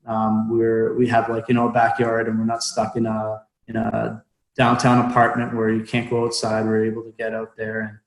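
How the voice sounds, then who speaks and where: A man's voice: on the low side, completely flat delivery, normal speed, echoey room, rough recording. A young man, a professional hockey player, chatting in an interview from home over a remote call, hesitant with many fillers and restarts. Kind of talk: casual interview chat.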